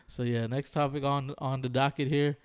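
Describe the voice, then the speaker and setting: A man's voice: medium pitch, clear, resonant tone. A man co-hosting a podcast in casual chat, joking and teasing with frequent laughs. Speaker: podcast co-host.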